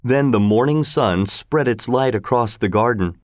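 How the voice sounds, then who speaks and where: A man narrating a storybook in a measured, clear reading. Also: mid-range voice, no room sound, studio quality.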